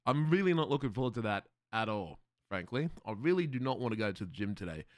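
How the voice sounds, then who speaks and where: Excitable, swearing Australian man streaming. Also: on the low side, fast talker, dry recording. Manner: loud, profane and excitable, swears freely. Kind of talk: casual live-stream chat with viewers.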